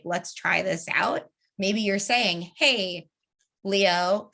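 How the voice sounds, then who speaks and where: A woman's voice: medium pitch, vocal fry, fairly bright tone. A woman leading an online training session over a video call, talking casually and acting out example dialogues. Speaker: organizing trainer.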